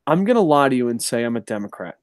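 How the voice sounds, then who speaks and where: A young adult man hosting a casual chat show, ranting in an animated, profane way. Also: medium pitch, fast talker, dry recording, clean studio sound. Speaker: podcast host.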